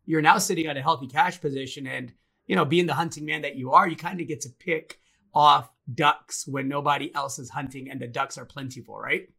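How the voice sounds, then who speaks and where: A man in his forties co-hosting a podcast, talking in a lively, friendly way with quick asides. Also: a little high, creaky, husky. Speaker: podcast co-host. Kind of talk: casual market chat.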